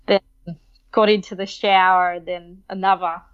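A woman's voice: medium pitch, little pitch movement, a little slow, clean tone. A woman, chatting as an interview guest and acting out the people in her story. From Australia. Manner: chatty, acts out quoted voices. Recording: slightly dull lo-fi audio.

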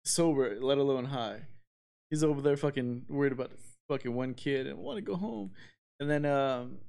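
A man's voice: mid-range voice, normal speed, creaky, darkish tone. A man casually telling a story among friends, laid-back and swearing freely, laughing often. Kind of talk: casual chat.

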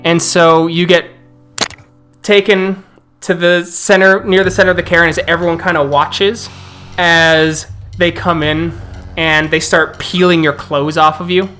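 Male game master, unhurried narrator, faint music behind. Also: on the high side, flat delivery, bright, forceful tone. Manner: slow, drawn-out narration with restarts.

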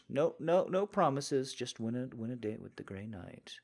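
A man hosting an audio channel, answering listener questions in a casual, jokey, animated way. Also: mid-range voice, normal speed, vocal fry, few pauses. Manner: animated, jokey, bursts of laughter. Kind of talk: casual Q&A chat.

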